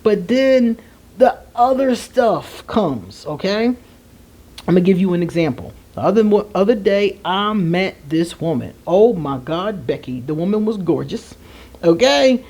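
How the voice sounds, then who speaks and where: A woman in her forties talking candidly to viewers, animated and laughing, with slangy asides. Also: mid-range voice, measured pace. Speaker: astrology vlogger. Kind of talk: candid storytelling chat to viewers.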